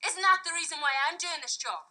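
An actress playing a defiant young Irish woman who fires back sharp, indignant retorts in a Northern Irish accent. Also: very high-pitched, lively intonation, quick pace, heavily acted.

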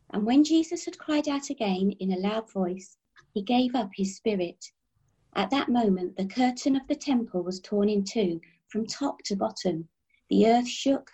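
Woman, measured scripture reading, mellow dark tone, husky. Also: mid-range voice, poor audio. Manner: measured, clear expressive reading. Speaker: scripture reader. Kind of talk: Bible reading.

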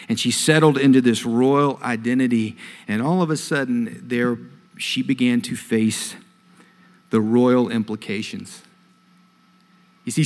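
A male pastor preaching a sermon, telling a story earnestly and swelling louder on key phrases. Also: mid-range voice. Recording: long hall reverb.

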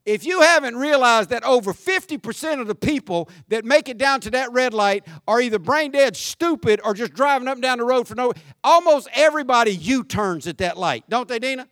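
A man preaching a sermon as pastor, folksy and joking, swinging from shouts down to quiet, low talk. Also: lively intonation, a little fast, hardly any pauses, dry recording, studio quality. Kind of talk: conversational sermon.

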